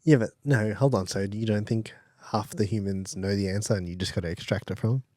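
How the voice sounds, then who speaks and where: A man's voice: fairly low pitch, steady tone, warm tone, no echo, clean studio sound. A man co-hosting a podcast in casual chat, joking and pushing back playfully. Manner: quick, joking, playful pushback. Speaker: podcast co-host.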